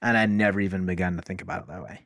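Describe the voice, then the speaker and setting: A man, a podcast guest, telling stories in a casual, animated way, often saying "like" and acting out dialogue. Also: low-pitched, racing, creaky, no echo, studio quality. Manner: animated, fills speech with "like", acts out dialogue. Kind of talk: casual storytelling.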